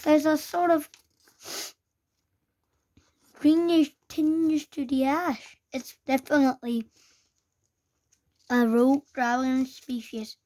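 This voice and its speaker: A woman's voice: high-pitched, steady tone, slow, long pauses, warm tone. A woman reading aloud and voicing a timid, earnest boy who mutters worriedly and speaks up hesitantly.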